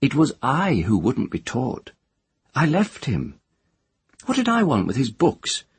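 A man voicing an old, earthy village witch woman who talks in a rustic country dialect with a drawn-out, sing-song lilt. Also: medium pitch, wildly swooping pitch, husky, no echo, voice pushed up, full character voice. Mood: folksy, musing. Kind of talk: audiobook character voice.

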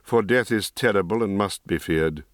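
A man's voice: no room sound, studio quality, natural voice. A man reading as a grave old-souled wizard. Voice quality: low, grave and measured. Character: grave, wise middle-aged male mage. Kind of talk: audiobook reading.

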